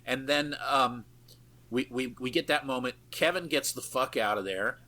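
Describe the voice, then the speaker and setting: A man's voice: mid-range voice, normal speed, bright, forceful tone. A man co-hosting a podcast, recapping a film in a loose, profane way with lots of fillers and easy laughs. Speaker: podcast co-host. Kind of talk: casual chat recapping a film.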